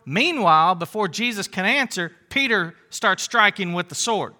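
Bright high-voiced preacher, conversational. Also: male voice, normal speed. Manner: conversational, animated storytelling with asides. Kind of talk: sermon.

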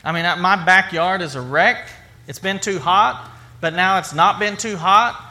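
A man's voice: sits high, moderate pace, pushed and bright. A man preaching a sermon in a conversational way, with repetition and rhetorical questions. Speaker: pastor.

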